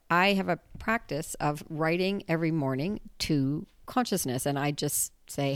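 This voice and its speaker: A woman's voice: deep voice, animated, unhurried, clean tone, no echo, studio quality. A woman hosting her own podcast, talking candidly and animatedly in a casual solo monologue, laughing often and swearing now and then. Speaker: podcast host.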